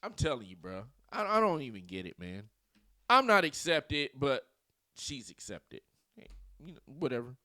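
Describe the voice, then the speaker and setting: A man giving animated, mocking reaction commentary straight to his viewers. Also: medium pitch, normal speed, no echo. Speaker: commentary vlogger.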